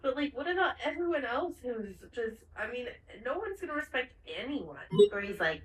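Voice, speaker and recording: A woman co-hosting a podcast in casual chat, retelling a TV finale with lively acted-out lines and plenty of swearing. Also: on the high side, moderate pace, few pauses, roomy sound, distant mic, low-quality recording. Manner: animated retelling, acts out the characters' lines, swears freely. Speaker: podcast co-host.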